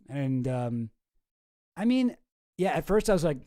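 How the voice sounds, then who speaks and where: A man's voice: medium pitch, animated, moderate pace, mellow, no room sound. A man hosting a stream, chatting casually and self-deprecatingly on a close microphone and laughing often. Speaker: streamer host. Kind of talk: casual reaction commentary.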